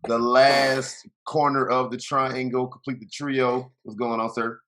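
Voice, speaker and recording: A young man hosting a casual podcast, talking quickly and loosely with swearing and restarts. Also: mid-range voice, level tone, a bit bright. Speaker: podcast host. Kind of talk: casual chat.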